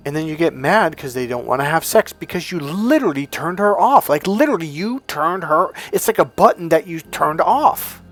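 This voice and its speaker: A man's voice: on the high side, lively intonation, normal speed, hardly any pauses, soft background music. A middle-aged man teaching as a dating coach, blunt and profane, acting out stories as he talks. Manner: blunt, profane, storytelling with acted-out voices. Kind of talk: instructional monologue.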